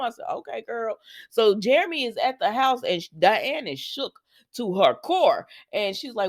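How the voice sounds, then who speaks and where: A woman's voice: on the high side, big pitch swings, moderate pace. A woman giving a casual, opinionated recap of a soap opera episode, chatty and full of fillers. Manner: chatty, opinionated, frequent fillers like um and you know.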